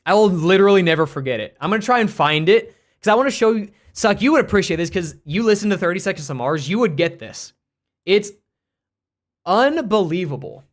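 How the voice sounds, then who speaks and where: An American streamer and teacher tells a rambling story during a live stream, speaking briskly at medium pitch. Animated and casual, she or he restarts often and scatters "like" fillers throughout.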